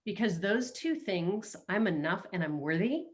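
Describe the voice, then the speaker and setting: A woman's voice: medium pitch, lively intonation, moderate pace. A middle-aged woman hosting a webinar, coaching in a casual, playful way and slipping into quoted self-talk, speaking over a video call.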